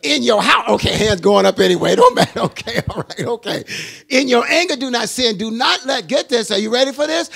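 An older man, a bishop, preaching a sermon into a handheld mic in a church with call-and-response, often rising to a shout. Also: extremely high pitch, animated, brisk, creaky, breathy edge.

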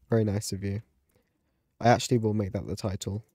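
A man giving casual gameplay commentary as a YouTuber, chatty and excitable, gasping and yelping at the game. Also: on the low side, moderate pace, no echo, studio quality. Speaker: gaming YouTuber.

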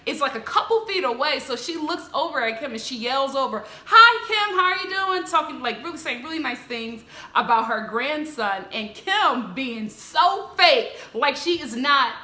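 Female commentator, animated and chatty, fairly high bright voice, roomy echo. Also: normal speed. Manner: animated, mimics the people she recaps in a higher voice. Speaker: show recap host. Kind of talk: casual commentary.

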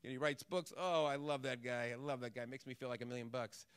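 A man's voice: medium pitch, steady tone, fast, fairly bright tone, clean tone, no echo, pitched below the performer's own voice, natural voice. A man voicing a tough teenage boy who talks in a heartfelt, wondering way about a grown-up who believes in him. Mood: fond. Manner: wondering, heartfelt inner talk.

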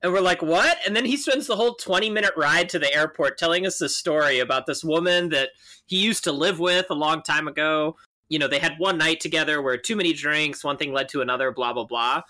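Male podcast co-host, easygoing storyteller, bright and forward tone. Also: fairly high pitch, a little fast. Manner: relaxed anecdote teller, laughs easily. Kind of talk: casual chat.

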